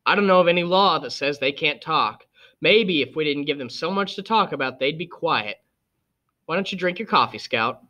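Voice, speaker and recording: A man voicing a calm, wise middle-aged father who reasons gently and evenly. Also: fairly high pitch, moderate pace, dull audio.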